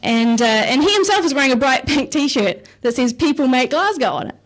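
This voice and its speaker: On a comedy club stage, a stand-up comic and researcher pokes fun at herself in a chatty set with casual swearing. She has a high-pitched, animated voice and speaks a little fast.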